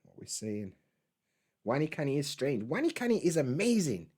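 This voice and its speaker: A man's voice: fairly high pitch, big pitch swings, normal speed, a little mellow, husky. A man, hosting a casual live stream from home, rambling in a laid-back way, swearing freely and answering chat.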